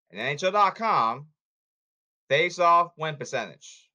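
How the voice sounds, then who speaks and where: Animated, hectoring male sports podcaster. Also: fairly high pitch, measured pace, lo-fi sound. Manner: blunt, hectoring, repeats himself. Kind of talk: casual sports commentary monologue.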